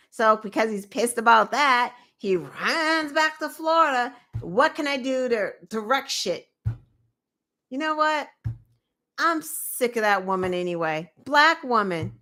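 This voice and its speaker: A woman host giving opinionated political commentary, indignant and animated, with mocking asides. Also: fairly high pitch.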